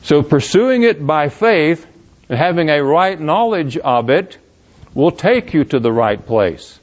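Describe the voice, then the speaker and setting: Man teaching scripture, emphatic, asks questions, slightly high voice, dull lo-fi sound. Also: sing-song, a little slow. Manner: questioning, emphatic, rereads verses aloud. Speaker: Bible teacher. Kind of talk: verse-by-verse Bible teaching. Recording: dull lo-fi recording.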